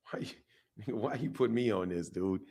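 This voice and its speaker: An older retired man from Omaha, United States, hosts a relaxed boxing livestream in a mellow, fairly low voice at a slightly slow pace. He chats loosely with plenty of slang, laughs, and responds to the chat.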